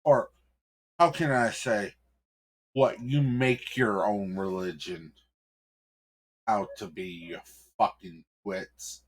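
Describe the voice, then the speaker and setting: A man's voice: fairly low pitch, takes it slowly, long pauses, husky. A man voicing a furious husband who swears through venomous rants against the clergy. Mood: contemptuous. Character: furious man defending his kidnapped wife.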